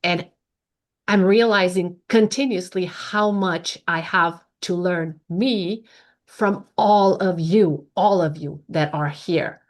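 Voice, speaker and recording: Effusive low-voiced woman hosting a video panel. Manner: effusive, halting with restarts. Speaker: host. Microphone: video call.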